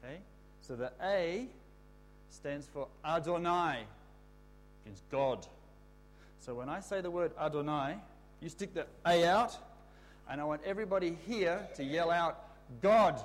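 A man giving a children's talk in church, explaining a word and leading the kids in call-and-response shouts. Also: on the high side, measured pace, pauses often. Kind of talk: children's sermon.

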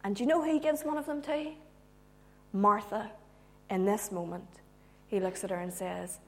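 A woman preacher giving a sermon with humorous asides, moving from loud emphasis to hushed tones. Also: medium pitch, moderate pace, pauses often.

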